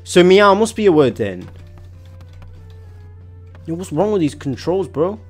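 A young man giving excitable, slangy commentary on a video game, often yelping and laughing. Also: sits high, unhurried, faint music behind. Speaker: gaming YouTuber. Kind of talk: gaming commentary.

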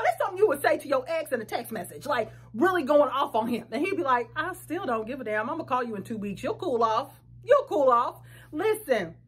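A woman talking in a casual reaction vlog, blunt, sassy and profane, with quick talkative asides. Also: high voice, a bit bright. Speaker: vlogger reacting to a reality show.

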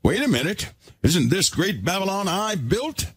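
Man doing a boastful ancient king, self-important, higher pitch, sermon retelling. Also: very animated, normal speed, husky, dry recording, full character voice.

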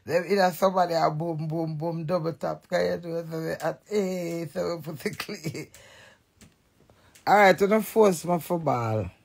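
A middle-aged woman in a blunt, profane, animated casual rant to the camera. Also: on the low side, moderate pace, gravelly, slightly rough.

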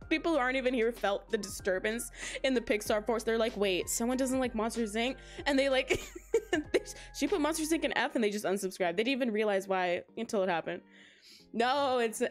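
A woman streamer chatting casually to her live chat, laughing often and talking straight to her viewers. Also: a little high. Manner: giggly, talks straight to chat.

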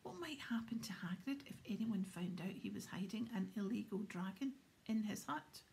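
Woman narrating in a soft whisper. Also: medium pitch, lively intonation, moderate pace, a little hiss or hum. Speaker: audiobook narrator. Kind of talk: whispered reading.

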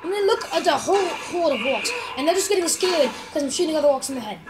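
A young woman casually commenting on her gameplay, chatty and excitable, yelling at enemies now and then. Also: sits high, quick pace, heavy background noise. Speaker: gamer.

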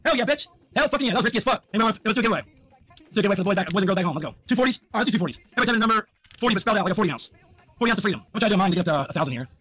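A man streaming his own gambling, excitable and swearing constantly, bursting into shouts. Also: high voice, rapid-fire. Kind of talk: live-stream reaction.

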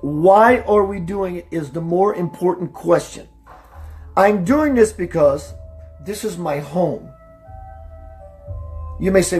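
A man hosting a spiritual talk radio show, preaching emphatically, slowing down for emphasis and greeting listeners by name. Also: soft background music. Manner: slows down for emphasis, voice dips low and quiet.

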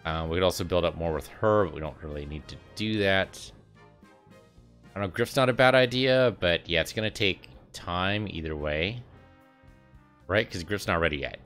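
A man's voice: low-pitched, moderate pace, fairly bright tone, faint music behind. A man casually commentating his gameplay, musing aloud and chatting about what to do next. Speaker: let's play host.

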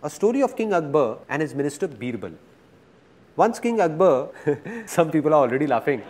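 Animated, lively man giving a motivational seminar. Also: fairly high pitch, a little fast, a little hiss or hum. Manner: animated storyteller, joking with the crowd. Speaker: motivational speaker.

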